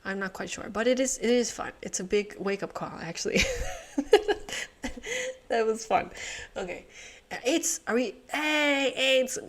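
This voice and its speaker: A woman's voice: on the high side, normal speed. A woman hosting a puzzle channel, thinking aloud as she solves, muttering to herself, swearing and laughing often.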